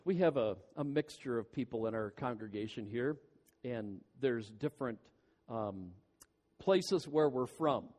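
A man preaching a sermon as pastor, earnest and pleading, stretching out key words slowly for emphasis. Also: mid-range voice, lively intonation, darkish tone. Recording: long hall reverb.

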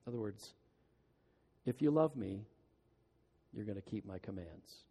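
A man's voice: lowish voice, expressive, a little slow, vocal fry, mellow, long reverb tail. A man preaching a sermon, earnest and emphatic, with folksy asides. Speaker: pastor.

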